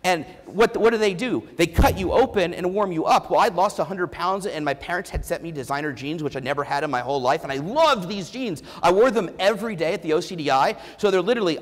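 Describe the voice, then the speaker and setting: A man giving a keynote speech, telling a candid personal story with self-deprecating humor and halting restarts, on a lavalier mic. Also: sits high. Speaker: keynote speaker. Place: large conference hall before an audience. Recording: long hall reverb.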